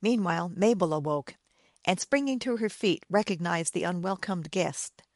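A woman's voice: fairly low pitch, normal speed, no echo. Woman narrating a story, dry close sound. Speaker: audiobook narrator.

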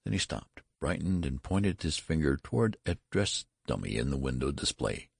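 Man narrating a story, very low voice, husky, gravelly, lively delivery, dry close sound. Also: moderate pace, dry recording. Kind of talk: audiobook reading.

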